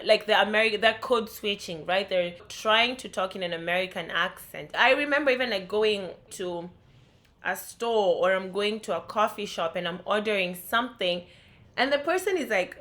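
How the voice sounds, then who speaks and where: A woman's voice: mid-range voice, a bit bright. A young woman from Kenya with a Kenyan accent, talking candidly and reflectively in a vlog. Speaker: vlogger.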